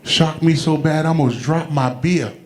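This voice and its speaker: A man's voice: on the high side, normal speed, very noisy. Man telling stand-up stories on stage. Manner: animated, acts out quotes with loud shouted punchlines. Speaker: stand-up comedian. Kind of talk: stand-up storytelling. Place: comedy club stage.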